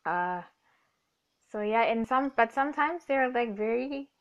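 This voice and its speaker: A woman's voice: a little high, animated, measured pace. Chatty young woman, lo-fi. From Namibia. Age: young adult. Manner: rambling, self-correcting, laughs often, jokey. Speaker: podcast host. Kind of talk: casual monologue. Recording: dull lo-fi recording.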